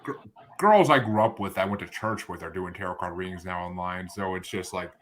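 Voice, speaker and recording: A man's voice: low-pitched, brisk. A man hosting a podcast interview, talking casually in rambling, self-interrupting runs with sarcastic asides. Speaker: podcast host.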